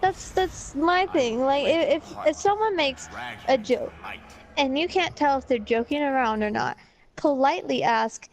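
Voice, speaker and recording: A young woman with a high voice chats casually as co-host of a gameplay show. She talks bluntly and speaks her mind in casual slang. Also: animated, unhurried, rough recording. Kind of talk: casual chat over gameplay.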